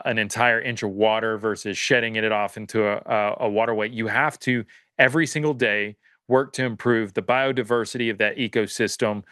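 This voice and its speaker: Man guesting on a podcast, earnest, kinda searching for words, bright clear voice, dry close mic. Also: on the low side, dry recording. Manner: earnest, searching, lots of fillers and restarts. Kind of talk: casual reflective conversation.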